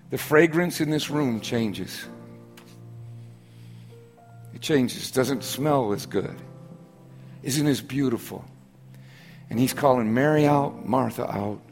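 A man preaching a sermon as pastor, stressing points by repetition and dropping to soft, quiet asides. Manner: preaching with sudden drops to soft, low, intimate asides and emphatic repetition.

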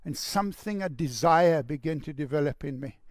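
A male pastor preaching an impassioned sermon, building to loud shouts at its peaks. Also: on the high side, animated, a little fast, dry recording, studio quality.

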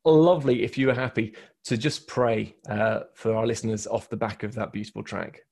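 A British man hosting a radio interview, chatty and quick to laugh, with a self-deprecating manner. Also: on the low side, fairly even intonation, vocal fry, a little mellow. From United Kingdom. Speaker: radio host. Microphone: studio microphone, guests on a video call.

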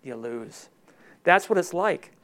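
A man preaching a sermon with emotion, swinging between loud emphatic passages and soft hushed ones. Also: on the high side, expressive, slow pace. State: tearful. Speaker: pastor.

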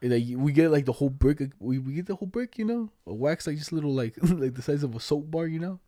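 A young man rattles off a rambling story at a fast clip, full of slang and cursing. His voice is dark and mellow, and the recording is dry and close. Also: a little high, lively intonation, no room sound. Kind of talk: casual chat.

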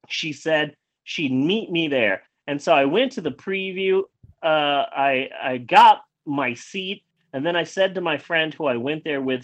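Male podcast host, fairly high voice, dry close sound; rambling, animated anecdote teller who performs the dialogue. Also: unhurried, no room sound. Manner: animated, acts out quoted lines; rambling with frequent restarts. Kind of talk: casual anecdote telling.

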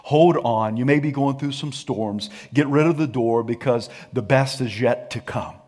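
A man pastor preaching a sermon in a lively, colloquial way and calling on the congregation to answer back. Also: mid-range voice, moderate pace. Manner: energetic, colloquial, calls for audience response.

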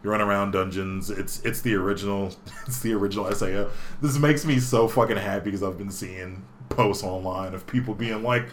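A man's voice: fairly quick, a little hiss or hum. A young man in casual gaming chat, swearing freely and jumping between voices as he retells scenes. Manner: animated, swears a lot, acts out quoted characters in high voices.

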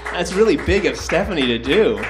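A man's voice: fairly high pitch, very animated, brisk, loud music behind the voice, a loud crowd. A man hosting a live comedy show as debate moderator, loose and joking and swearing freely, recorded in a roomy live venue. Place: comedy stage with live audience.

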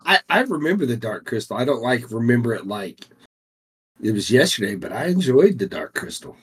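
Husky, agreeable podcast man. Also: medium pitch, big pitch swings, a little fast. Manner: agreeable, echoes and affirms the other host. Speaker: podcast co-host. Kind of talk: casual chat.

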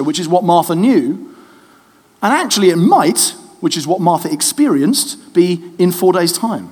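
Preacher, man, 30s, high voice, chatty sermon delivery, long reverb of a church hall. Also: moderate pace, slightly rough. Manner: lively, conversational, jokes with the congregation.

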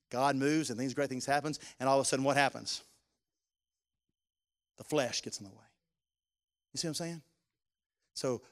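A man preaching a sermon as pastor, stretching key words slowly and climbing loud on emphasis, then dropping to a soft, low voice for prayers and asides.

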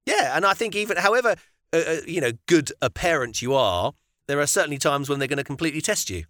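British male co-host, bright tone, reflective, lively pitch. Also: no room sound, studio quality. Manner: reflective, halting, thinks aloud. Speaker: podcast co-host. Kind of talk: casual chat.

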